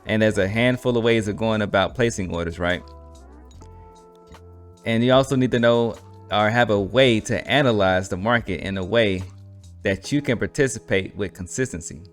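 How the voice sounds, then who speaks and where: A man hosting an online talk episode, explaining in a relaxed, conversational way and often asking "right?". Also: lowish voice, moderate pace, soft background music. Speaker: host. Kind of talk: casual explanatory talk to camera.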